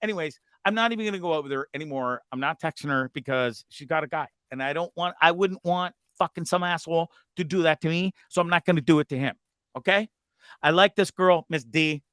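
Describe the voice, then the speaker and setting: A talk show host with a fairly high, clean-toned voice, recorded without echo, gives a casual live monologue. He rambles through a confessional, nervous, fidgety story full of swearing, lurching from loud to muttered and back.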